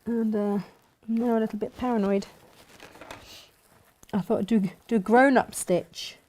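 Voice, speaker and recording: A woman's voice: medium pitch, level tone, normal speed, warm tone. Chatty woman sewing on camera. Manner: chatty, self-mocking, talks while working. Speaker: sewing vlogger and shop owner. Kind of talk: casual sewing tutorial chat.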